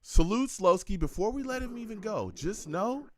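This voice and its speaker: A man's voice: high-pitched, animated, normal speed, a little hiss or hum. A man hosting a call-in sports show, talking in a hyped, slangy, casual way.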